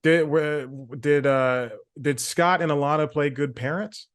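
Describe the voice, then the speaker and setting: A man's voice: a little high, steady tone, a little slow, clean tone. A man interviewing actors, asking questions in a friendly, appreciative, laid-back way.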